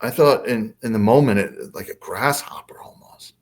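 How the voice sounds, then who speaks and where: A man's voice: on the low side, animated, moderate pace, breathy edge. A man who is a podcast guest, telling a story casually and hesitantly, with many fillers.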